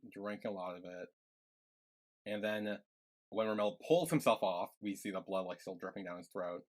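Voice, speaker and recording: A man's voice: low-pitched, fairly even intonation, normal speed, a little mellow. A young man co-hosting a podcast, retelling scenes from a series in a loose, filler-heavy way. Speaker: podcast co-host. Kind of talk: casual recap chat.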